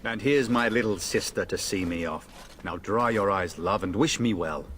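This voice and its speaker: Brief: a man voicing a lighthearted young knight, low-pitched, joking and warm with family. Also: moderate pace, natural voice. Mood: jovial. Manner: jovial, teasing. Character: cheerful young noble knight, older brother, joking.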